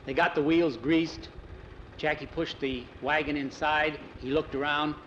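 A man retelling a story in a plain, folksy, unhurried way, his voice a bit high for a man. The sound is dull and lo-fi, with faint vehicle noise in the background. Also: fairly even intonation, fairly bright tone. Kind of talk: oral storytelling.

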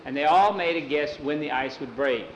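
A man telling a story aloud in a folksy, unhurried way, with small restarts and slips. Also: fairly high pitch, lo-fi sound, a little hiss or hum. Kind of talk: casual oral storytelling.

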